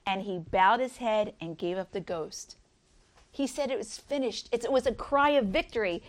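A middle-aged woman speaks earnestly at an Easter devotional, reading scripture aloud and sharing stories. Her voice sits slightly higher than most. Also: expressive, moderate pace. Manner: earnest, rises high when voicing others.

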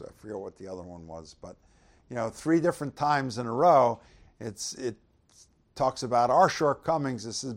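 A man preaching a conversational sermon, reading scripture aloud with loud swells and asking the audience rhetorical questions. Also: medium pitch, expressive, normal speed. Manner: loud dramatic swells when reading verses.

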